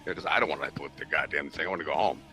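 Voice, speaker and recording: A man's voice: rumbling low, racing. A man in his forties telling a long story in a casual chat, swearing constantly and acting out what people said. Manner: animated, swears constantly, acts out quoted voices.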